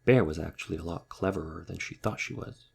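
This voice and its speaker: A man reading a children's storybook aloud in a wry, lively storytelling manner. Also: low voice, a little fast, vocal fry, breathy edge. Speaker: narrator.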